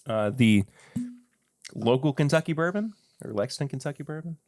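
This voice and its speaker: A podcast host with a mid-range voice chats casually at normal speed, joking and laughing often as he tastes whiskey. The recording is studio quality with no room sound, and his manner is relaxed throughout.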